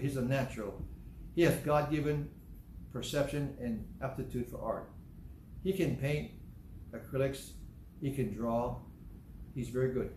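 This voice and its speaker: An older man preaching a sermon, telling stories and acting out the quotes. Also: mid-range voice. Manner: animated storytelling, acts out quotes. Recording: echoey room, faint background hum.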